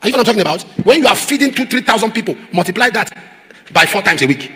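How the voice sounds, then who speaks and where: A man preaching a sermon as pastor, repeating refrains and rising to shouts. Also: high voice, animated, racing, breathy edge. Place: large church auditorium. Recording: echoey church hall.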